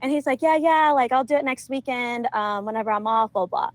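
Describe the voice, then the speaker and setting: A chatty young woman from Georgia tells a story as a podcast guest, her voice sitting a little high. She fills her sentences with small filler words and breaks into laughter often. The sound is close and dry, with no room around it. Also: brisk, no room sound, poor audio. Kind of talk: casual storytelling.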